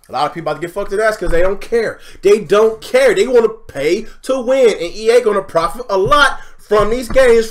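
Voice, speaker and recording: A man hosting a gaming live stream, ranting heatedly with lots of swearing and shouting, then calmly greeting viewers. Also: high voice. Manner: heated, profane, often shouting, then calm chatty shout-outs.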